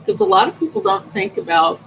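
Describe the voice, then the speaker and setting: A woman hosts a casual livestream, telling personal stories in a chatty, upbeat, rambling style packed with fillers. Her mid-range voice is very animated and a little fast. The audio is dull and lo-fi with faint noise.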